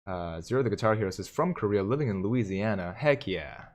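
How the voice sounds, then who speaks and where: A man's voice: on the low side, lively intonation, a little fast. A man hosting a live stream, casually reading viewer comments aloud and joking, with frequent chuckles. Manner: jokey, chuckles often between comments. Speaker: livestream host.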